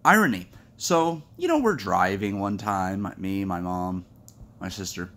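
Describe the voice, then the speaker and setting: A man casually telling jokes to the camera, chatty and rambling, acting out his friends' lines in high voices. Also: very animated, measured pace, fairly bright tone. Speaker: comedy vlogger. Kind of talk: casual stand-up joke telling.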